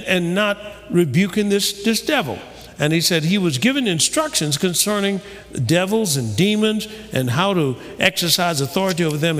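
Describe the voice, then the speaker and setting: A pastor preaching an animated sermon, rising to shouts, with many restarts and fillers. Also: male voice, on the high side, in a large hall.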